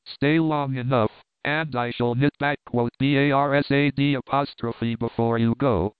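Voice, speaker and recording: Stern, guarded shopkeeper woman, voiced by a man, curt and cool, clear tone, phone-like sound. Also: mid-range voice, fairly even intonation, a little slow, no room sound, natural voice. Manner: cool, curt, lightly mocking. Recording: tinny phone-like audio.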